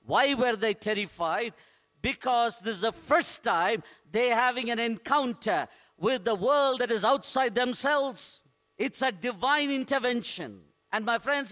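Male pastor, very high and bright voice, earnest sermon with emphatic repetition.

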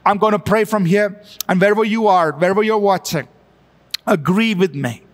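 A male pastor preaching a sermon and leading a prayer, slow and drawn-out with emphatic rises, in a church sanctuary. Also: high voice, big-room sound. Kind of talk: sermon with altar call prayer.

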